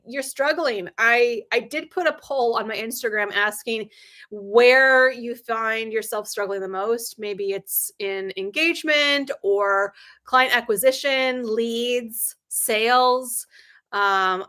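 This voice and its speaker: High and bright, the voice belongs to a middle-aged business coach running a livestream full of anecdotes. She's candid and sarcastic, laughs and ums a lot, and animates quoted dialogue with big swings in pitch.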